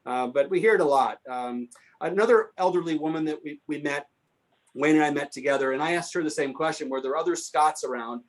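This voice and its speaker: A man's voice: a little high, brisk. A man telling anecdotes at a history talk, answering a question and acting out the people he quotes. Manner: animated, acts out quoted voices. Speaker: guest speaker on local history. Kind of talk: storytelling in a Q&A.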